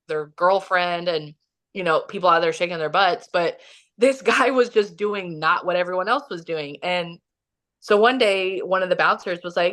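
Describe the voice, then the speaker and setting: Woman rambling through a story, lower voice. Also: normal speed, fairly bright tone. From Kansas City, Missouri, US. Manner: rambling, heavy use of "like" and restarts. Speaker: podcast guest. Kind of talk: casual storytelling.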